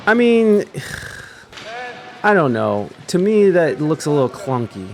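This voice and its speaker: Laughing, animated man reading news. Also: on the high side, takes it slowly, pauses often, a little hiss or hum. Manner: laughing, swearing, riffing between read lines. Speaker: podcast host. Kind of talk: casual chat reading news aloud.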